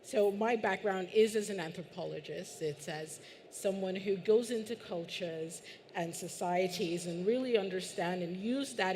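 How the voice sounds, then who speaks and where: A woman's voice: on the low side, a little hiss or hum. Earnest woman speaking on a panel. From Guyana. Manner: earnest, conversational, with restarts. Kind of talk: panel discussion. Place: conference stage.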